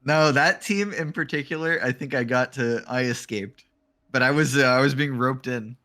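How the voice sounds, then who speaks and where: Bright-voiced man co-casting. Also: mid-range voice, normal speed. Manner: joking, tells teasing anecdotes. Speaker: esports co-caster. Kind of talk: casual live-stream banter.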